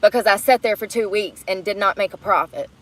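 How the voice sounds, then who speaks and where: A woman's voice: medium pitch, brisk, a bit bright, rough recording. A woman chatting on a livestream around a car, rambling, giggling and cursing, breathless from effort. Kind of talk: casual livestream chat.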